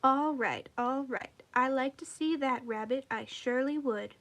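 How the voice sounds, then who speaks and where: A woman's voice: sits high, a little slow, a bit bright. A woman voicing a huge, proud male whale who brags in an easygoing way. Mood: boastful. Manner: boastful, easygoing.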